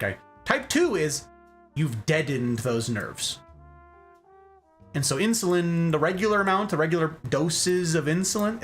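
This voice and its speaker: A man hosting a casual explanatory chat, jokey and animated, often checking in with "okay?". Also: on the high side. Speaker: host.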